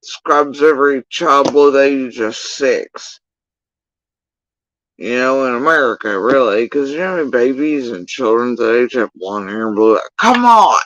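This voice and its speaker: A man's voice: medium pitch, normal speed, fairly bright tone, no room sound, highs cut off. A man in a casual livestream monologue, telling a story in a heated, profane, emphatic way. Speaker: livestream host.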